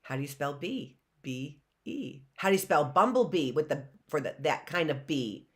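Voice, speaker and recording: A woman's voice: low-pitched, sing-song, moderate pace. A woman teacher with an American accent giving an online phonics lesson to children, coaxing them to call out answers in a sing-song way.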